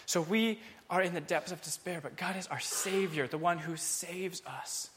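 Bright-voiced man teaching from the Bible. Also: high voice, normal speed, slight background noise. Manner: animated, acts out the psalmist's feelings.

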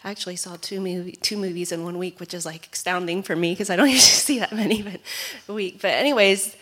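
A woman with a slightly low voice, speaking up in a church gathering. She rambles in a chatty, informal way. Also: fast talker, fairly bright tone. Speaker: congregation member.

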